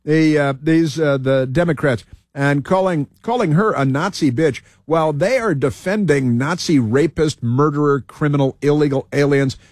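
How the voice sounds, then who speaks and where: A man's voice: on the high side, moderate pace, darkish tone, no echo, clean studio sound. A man hosting a talk radio show, giving sarcastic, combative commentary over news clips and repeating phrases for emphasis.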